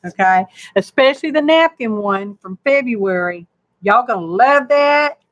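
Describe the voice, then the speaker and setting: A woman's voice: a little high, lively intonation, measured pace, no room sound, dull audio. A woman, chatting homily and rambling to her viewers as she works through a live craft demonstration. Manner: homey, rambling, talks to herself and viewers while working. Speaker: crafting channel host.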